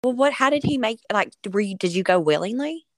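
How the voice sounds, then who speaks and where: Excitable woman hosting a podcast. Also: a little high, fairly quick, dry recording. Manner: excitable, rambling storyteller. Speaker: podcast host. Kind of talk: casual interview chat.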